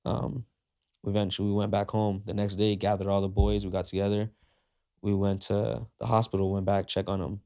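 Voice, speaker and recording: A man's voice: lowish voice, flat delivery, brisk, vocal fry, dark tone. A man, a podcast guest, retelling a story in slangy casual speech, full of "like" and "uh", acting out the quoted dialogue. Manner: frequent fillers like "like" and "uh".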